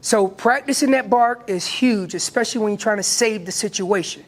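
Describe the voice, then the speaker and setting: Animated man teaching elk calling. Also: high voice, moderate pace. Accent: American. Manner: animated, acts out elk calls and voices. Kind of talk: hunting seminar talk.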